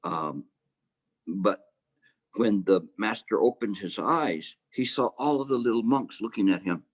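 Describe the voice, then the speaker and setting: A man teaching Chan meditation in a low, halting voice, circling back with fillers and restarts. His telling carries gentle humor. The sound is dry and close-miked. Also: breathy edge, no room sound. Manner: hesitant, many restarts and fillers. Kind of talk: dharma talk.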